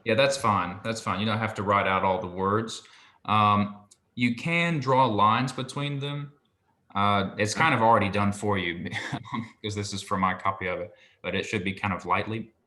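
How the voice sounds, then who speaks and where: A man's voice: fairly low pitch, steady tone, normal speed, bright, forceful tone. A man tutoring biblical Hebrew one-on-one, patiently modelling pronunciation and encouraging his student. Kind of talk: one-on-one language lesson.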